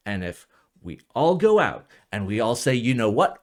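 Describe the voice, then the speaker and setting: A young man ranting casually in a vlog about keyboards, profane and rambling, swinging from low mutters to loud outbursts, sounding jet lagged. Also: very animated, normal speed. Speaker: keyboard reviewer.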